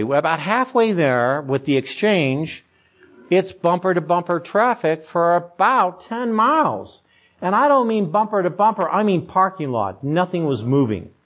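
A male pastor preaches in an easygoing, storytelling way, weaving in self-deprecating humor. His voice sits somewhat high for a man and he talks to the congregation as if chatting. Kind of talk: sermon.

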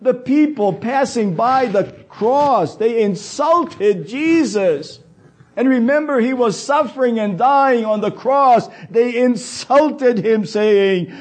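Slow, high-voiced man preaching a sermon. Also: lively intonation, darkish tone. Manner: slow, deliberate preaching with dramatic pauses and quoted voices.

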